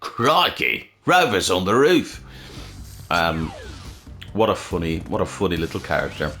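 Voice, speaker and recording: A man's voice: sits low, big pitch swings, normal speed, a bit bright, faint music behind. A man hosting a let's play, chatting casually and swearing freely while he plays. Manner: rambling, swears freely, self-correcting. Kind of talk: casual gameplay commentary.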